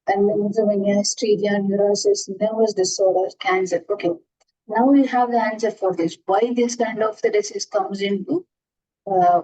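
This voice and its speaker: A woman's voice: medium pitch, warm tone, poor audio. A woman teaching astrology in an earnest lecture, restarting and repeating herself often as she explains. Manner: earnest, repetitive, frequent restarts. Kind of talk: classroom lecture.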